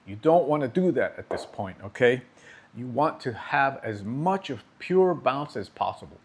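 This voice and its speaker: A man's voice: mid-range voice, big pitch swings, moderate pace, husky. A man teaching drum technique, explaining patiently and checking in with his students. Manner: patient, explanatory, frequent "okay?" check-ins. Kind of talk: instructional demonstration.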